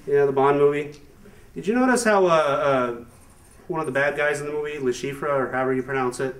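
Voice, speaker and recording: A man performs a stand-up set in a slightly raised voice, rambling and self-amused, full of fillers and restarts. He is picked up from some distance away from the microphone. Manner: breaks into high squeaky put-on voices for jokes. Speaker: stand-up comedian. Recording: distant mic, far from the speaker.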